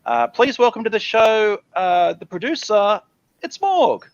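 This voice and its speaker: A man's voice: high voice, huge pitch swings, unhurried, dry recording, lo-fi sound. A man hosting a live call-in stream show, exasperated and profane. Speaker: host.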